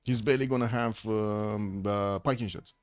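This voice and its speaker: A man's voice: on the low side, steady tone, moderate pace, soft background music. Man casting a strategy game live. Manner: thinking aloud with frequent fillers and restarts. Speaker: esports caster.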